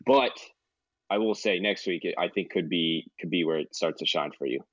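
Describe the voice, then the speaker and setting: A man's voice: deep voice, moderate pace, no room sound, highs cut off. A man co-hosting a podcast, who talks hesitantly and stammers a little. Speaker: podcast co-host. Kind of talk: casual chat.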